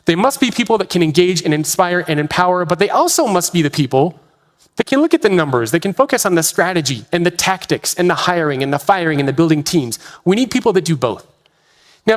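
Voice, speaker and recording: A man delivers a keynote on leadership, acting out each line of dialogue in a story. His voice sits high and swings widely in pitch. The sound carries the long reverb of a large hall. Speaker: leadership speaker.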